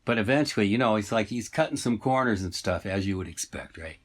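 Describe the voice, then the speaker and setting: Low husky man rambling through a tale. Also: animated, fast talker. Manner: meandering, full of fillers and asides. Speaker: storyteller. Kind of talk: rambling casual storytelling.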